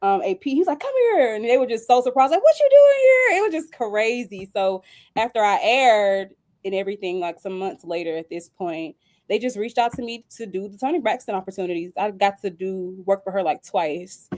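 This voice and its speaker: A young woman, a singer and songwriter, telling a story in a casual interview, animated and laughing often. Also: mid-range voice, fairly quick. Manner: animated, squeals when acting out quoted dialogue.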